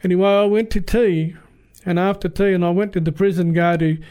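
A man's voice: high-pitched, fairly even intonation, fairly quick, a little mellow, clear, resonant tone. An Australian man telling a personal story in an earnest, plain-spoken, conversational way. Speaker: guest telling his testimony.

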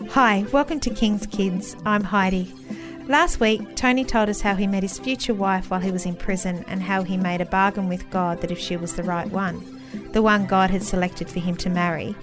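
A woman hosting the program, recapping the story in a clear, measured way. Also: medium pitch, fairly even intonation. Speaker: radio host. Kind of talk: scripted presenting. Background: music.

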